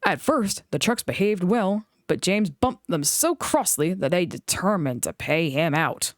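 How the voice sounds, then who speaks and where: Lively woman reading a children's story. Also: fairly low pitch, a little slow, no echo, studio quality. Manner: expressive, animated read-aloud. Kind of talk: reading a children's book aloud.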